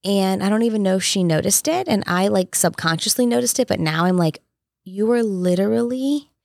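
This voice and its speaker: A woman's voice: medium pitch, lively intonation, fairly quick, creaky, dry recording, clean studio sound. A woman in her thirties talking earnestly in a casual conversation, telling personal stories with many "like" fillers.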